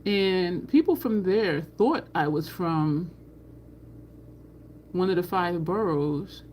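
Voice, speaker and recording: A woman's voice: fairly low pitch, expressive, slow pace, a little mellow, a little hiss or hum. A middle-aged woman from New Jersey with a New Jersey accent, hosting a makeup livestream in a blunt, candid and profane casual chat. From New Jersey, USA. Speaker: makeup channel host.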